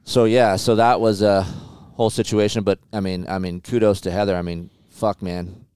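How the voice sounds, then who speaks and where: A man with a low, smooth voice tells a story in an easygoing, profane way. The sound is close and dry, with no room around it. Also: fairly even intonation, moderate pace, darkish tone, no room sound. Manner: laid-back storytelling with frequent swearing. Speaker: podcast host. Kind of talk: casual chat.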